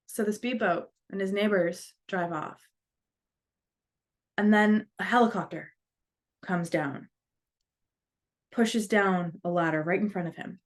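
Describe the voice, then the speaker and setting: A woman's voice: mid-range voice, slow pace, pauses often. A woman giving a storytelling talk, earnest, acting out the voices of the people she quotes. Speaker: speaker.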